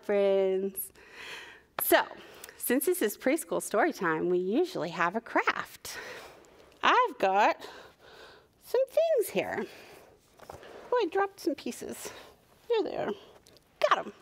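A young woman reading a picture book to preschoolers, slow and unhurried. Her voice bounces up and down with lots of expression. She speaks in a gentle, encouraging sing-song to little children. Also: on the high side, big pitch swings. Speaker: children's librarian. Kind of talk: preschool story time reading.

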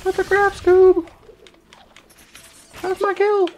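A man putting on a high, squawky cartoon-sidekick voice while playing a video game. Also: monotone, slow pace, darkish tone. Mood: frantic.

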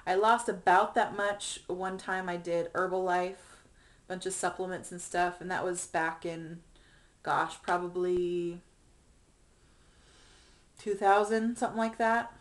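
A young vlogger talks through her personal video diary, chatty and earnest with lots of ums, and grows emotional to the point of near tears. Her voice is fairly low and steady, at a measured pace with long pauses.

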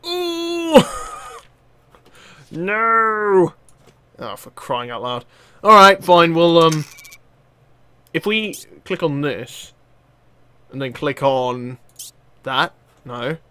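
A young man giving excitable let's-play commentary, laughing, swearing and talking back to the characters on screen. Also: mid-range voice, slow pace, long pauses, clear, resonant tone. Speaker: gaming channel host.

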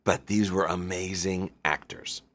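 A middle-aged man hosting an insurance show, telling a story in a lively, conversational way. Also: deep voice, unhurried. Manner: animated, conversational, acts out quotes. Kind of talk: storytelling monologue.

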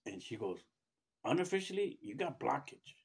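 A middle-aged man casually telling a personal story, rambling with restarts and acting out what others said by raising his pitch. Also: moderate pace. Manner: rambling, acts out quoted voices with raised pitch, many restarts. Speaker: storyteller recounting his own experience.

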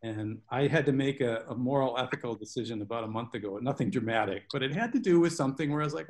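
A man's voice: medium pitch, fast, few pauses, darkish tone. A man, a guest author, telling long stories with tangents in a book club discussion over a video call. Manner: rambling, self-aware storyteller with tangents.

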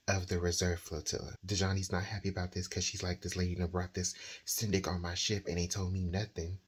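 Husky low-voiced man recapping a book. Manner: casual, conversational recap with frequent fillers. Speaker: book channel host. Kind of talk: casual book discussion.

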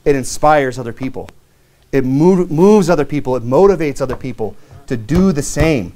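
A man's voice: expressive, normal speed, warm tone. A man, a pastor, preaching a sermon in a plainspoken, earnest way with many conversational fillers. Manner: reads King James scripture aloud, rising in pitch on key verses.

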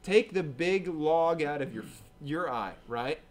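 Higher-voiced man preaching a sermon. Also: expressive, takes it slowly. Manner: conversational preaching, acts out quoted voices, asks "right?". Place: church.

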